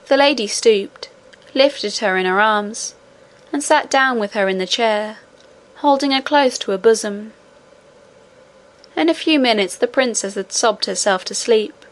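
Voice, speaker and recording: A woman reading a children's fantasy story aloud in a measured way. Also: fairly high pitch. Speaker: audiobook narrator. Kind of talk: scripted narration.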